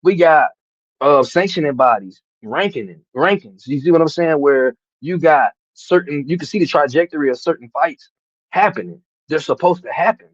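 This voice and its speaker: A man's voice: a little high, animated, normal speed, dry recording. A man hosting a casual boxing talk show, rambling and cursing, often asking "you know what I'm saying". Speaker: boxing podcast host. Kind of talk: casual chat. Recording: dull dry lo-fi mic.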